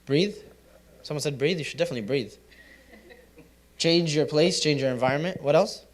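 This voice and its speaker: A man's voice: a little high, moderate pace. A young man teaching a casual, interactive study circle in a community center classroom, asking the audience questions and joking with them. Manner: conversational, asks the audience questions, jokes and laughs. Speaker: religious teacher.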